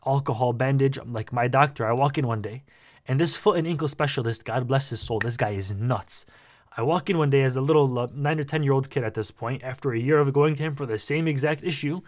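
A young man vlogging, telling a personal story in a casual, animated and slangy way. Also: medium pitch. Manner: animated, slangy, says "bro" a lot.

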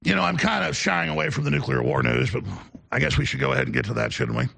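A man's voice: mid-range voice, steady tone, fast talker, gravelly, bright, forceful tone, breathy edge. A man hosting a show, telling long rambling anecdotes in a casual on-air manner. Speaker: show host.

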